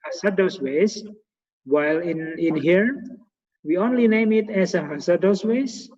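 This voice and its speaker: The host of a guest lecture webinar, a man with an Indonesian accent, talks haltingly on a video call in a high-sitting, darkish voice. His conversational English is full of fillers and repeated words, and the audio is echoey and muffled.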